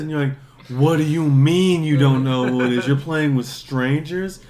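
A young man in his twenties co-hosting a podcast, joking loudly and acting out voices in casual chat. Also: a little high, moderate pace, background noise. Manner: loud, jokey, acts out voices. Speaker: podcast co-host.

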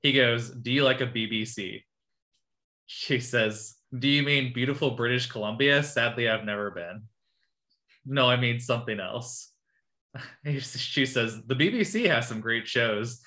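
Casual co-host, woman, bright edge to the voice, amused reader of dating chats. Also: very deep voice, unhurried. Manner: amused, laughing as she reads. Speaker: podcast co-host. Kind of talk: casual chat, reading dating messages aloud.

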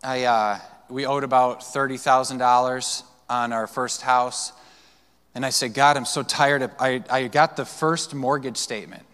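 A man's voice: mid-range voice, fairly even intonation, a little slow, fairly bright tone, clean tone. Guy preaching in a church, chatty storytelling, lots of um and like, big hall echo. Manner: conversational storytelling with fillers and restarts. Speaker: pastor. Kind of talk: sermon. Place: church sanctuary. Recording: long church hall reverb.

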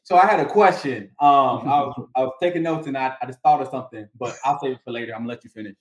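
A man hosting a casual podcast chat, telling animated stories and laughing often. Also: medium pitch, quick pace. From North Carolina. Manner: animated storyteller, acts out voices, laughs often. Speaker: podcast host. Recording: echoey room.

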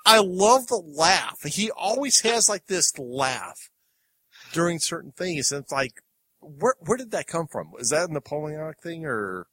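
A man's voice: a little high, sing-song, a little slow, sharp tone. A man hosting a film review podcast, chatting casually with fillers and laughs as he plays clips. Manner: rambling, chuckling, many fillers. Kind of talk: casual chat.

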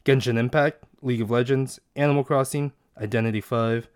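A man's voice: mid-range voice, fairly even intonation, fairly quick, a little mellow, smooth, no echo, studio quality. A young man chatting casually and reading quiz options aloud, swearing now and then. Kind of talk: casual chat doing online quizzes.

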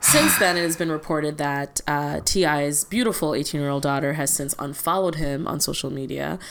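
A woman's voice: sits low, moderate pace, fairly bright tone. A woman co-hosting a podcast, telling stories in a rambling way with plenty of ums and asides. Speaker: podcast co-host. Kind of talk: casual podcast chat.

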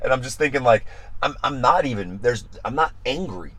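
A pastor, a man who talks passionately and says he gets loud, repeating his phrases in a devotional livestream talk. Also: medium pitch, lively intonation, a little fast.

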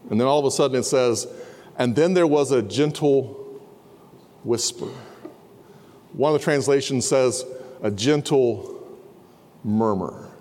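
A man preaching an earnest sermon in a slightly raised voice. His words ring out with long reverb, as in a large chapel. At quieter moments he sinks to a soft, low tone. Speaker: pastor. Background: students in a campus service.

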